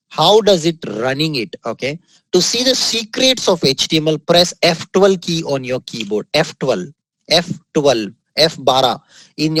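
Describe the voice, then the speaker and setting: In a poor, dry recording, a software trainer with an Indian English accent walks through a screen-recorded coding tutorial. His voice is on the high side and a bit bright, and he's upbeat, exclaiming praise frequently while repeating the key points slowly.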